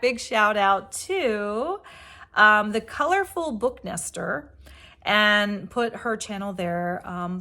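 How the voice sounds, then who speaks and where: A woman hosting a book video channel, talking casually and at length in a chatty, rambling way. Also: mid-range voice. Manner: chatty, rambling, warm praise of other creators. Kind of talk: casual chat.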